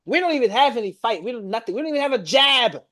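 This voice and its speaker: Very high-voiced and talking very fast, a young man rants animatedly on a casual reaction stream about his football team. He's dramatic and exasperated, lurching between gloomy mumbling and loud outbursts.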